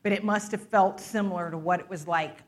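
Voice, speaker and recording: A woman preaching to a church in a candid, conversational way, quick to laugh at herself as she shares a personal story. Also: fairly low pitch, steady tone. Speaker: guest preacher. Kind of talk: informal sermon with personal testimony. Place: church sanctuary.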